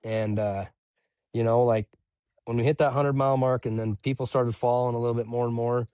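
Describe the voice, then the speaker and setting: A young man telling race stories in relaxed casual chat, dropping "dude" and "bro" as he goes. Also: medium pitch, a little fast, clear, resonant tone, dry recording. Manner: laid-back, says "dude" and "bro" a lot. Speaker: podcast guest, ultramarathon runner.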